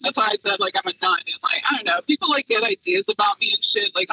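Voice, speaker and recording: Brief: young woman, very bright and lively, rambles with fillers, dry sound, faint music behind. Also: medium pitch, fast talker, few pauses, breathy edge, dry recording, low-quality recording. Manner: rambling, filler-heavy, giggly. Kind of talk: casual podcast chat.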